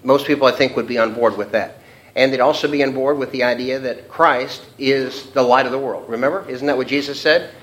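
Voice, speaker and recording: A man's voice: medium pitch, fairly even intonation, brisk, a bit bright, low-quality recording. A man teaching an informal Bible study class, reading verses aloud and talking them through with many fillers. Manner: conversational, many fillers, reads scripture aloud.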